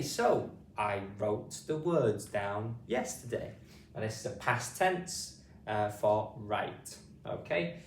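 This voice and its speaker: A man with a British accent teaching a phonics lesson, saying each sound slowly and spelling it out letter by letter. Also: medium pitch. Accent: British English. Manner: slow, deliberate, repeats sounds and spells them out. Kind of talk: slow classroom phonics lesson. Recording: roomy sound from a distant mic, faint hiss.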